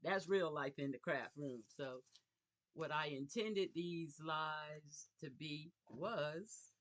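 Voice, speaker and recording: A woman hosting a casual craft livestream from her home craft room, talking slowly and reflectively to viewers. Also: low voice. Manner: slow, warm, reflective talk to viewers. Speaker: YouTube craft livestream host. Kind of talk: casual live vlog chat.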